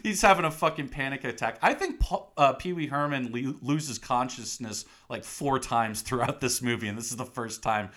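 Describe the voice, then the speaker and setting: Man, bright voice, casual movie recap, acting out scenes in quick voices, laughs often. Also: mid-range voice.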